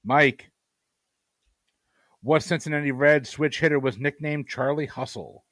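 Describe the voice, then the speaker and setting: A man's voice: on the high side, measured pace, fairly bright tone, dry recording. A man hosting a trivia game, reading questions and teasing the players with dry humor. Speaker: trivia quizmaster.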